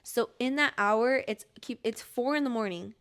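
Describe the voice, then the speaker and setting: A young woman hosts a casual podcast with a somewhat high voice. She rambles through a personal story and drops "like" into nearly every phrase. She acts out her own past pleas and cries as she goes. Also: normal speed, a bit bright, clean tone. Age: young adult. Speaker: podcast host.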